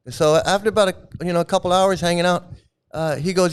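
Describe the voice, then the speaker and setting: A man tells a long personal story in a loose, rambling way, chuckling often between thoughts. His voice sits a little high and sounds smooth and resonant. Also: steady tone, fairly quick. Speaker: former member recounting his experiences.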